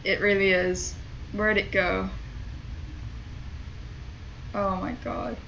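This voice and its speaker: Woman gamer, home stream, exasperated swearing commentary, unhurried delivery, faint noise behind. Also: medium pitch, little pitch movement, creaky, fairly bright tone, highs cut off. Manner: frustrated, swearing, talking to herself and chat. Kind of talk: casual gameplay commentary.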